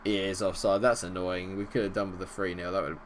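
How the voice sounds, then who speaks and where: A man commentating on his own football management game, animated and bursting into shouts at goals, a little unwell. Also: sits low, brisk, a little hiss or hum. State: unwell, not feeling great. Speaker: gaming video host.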